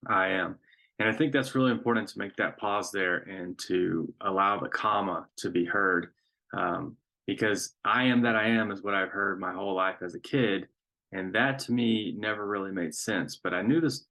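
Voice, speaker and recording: A man giving a reflective spiritual talk as a teacher, unhurried and thoughtful, with frequent pauses and ums. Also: fairly low pitch, fairly bright tone.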